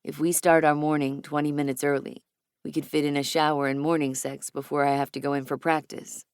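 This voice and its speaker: A woman narrator voicing an adult man as a lover, speaking low, slow and murmured. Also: flat delivery, darkish tone, clear, resonant tone, no echo, studio quality. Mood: intimate.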